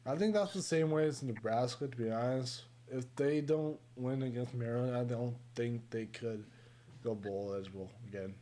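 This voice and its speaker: A man's voice: mid-range voice, normal speed, warm tone. A man calling in who is hesitant, says um a lot, and is short of breath. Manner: hesitant, many ums, trails off. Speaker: caller. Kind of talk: casual call-in chat.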